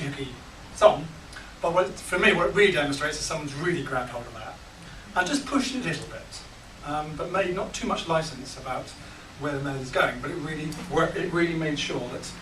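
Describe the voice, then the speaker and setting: A man teaching a small group, relaxed and halting, full of ums and restarts. His voice sits high and is caught from a distance. A roomy echo and steady background noise hang around him. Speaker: songwriting workshop leader. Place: large hall with a small group. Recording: echoey room, picked up from afar, noisy.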